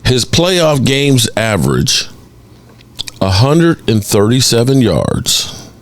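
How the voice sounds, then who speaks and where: This sports podcast host speaks slowly in a medium-pitched voice, animated and exasperated as he offers strong opinions. He fires back at critics, imitating them in over-the-top voices.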